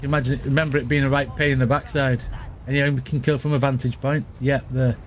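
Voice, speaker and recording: A man giving excitable gaming commentary, shouting and laughing at the action as he plays. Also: medium pitch, quick pace, a little hiss or hum. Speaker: gaming streamer.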